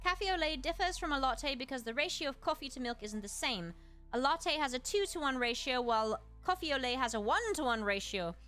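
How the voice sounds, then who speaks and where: A woman streamer in casual chat, reading aloud and musing with quick asides to her chat. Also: high-pitched, lively intonation, fairly bright tone, faint music behind. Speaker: streamer host.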